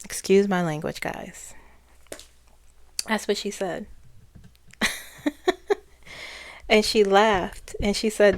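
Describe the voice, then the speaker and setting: With a mid-range voice, a female psychic earnestly shares channeled messages with viewers, often pausing, restarting and going back over phrases.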